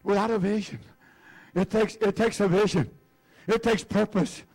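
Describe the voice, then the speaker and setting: High-voiced fervent preacher man. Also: fairly even intonation, normal speed, darkish tone, breathy edge. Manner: fervent preaching, repeating words for emphasis; calls on the congregation by name. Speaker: pastor. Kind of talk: sermon.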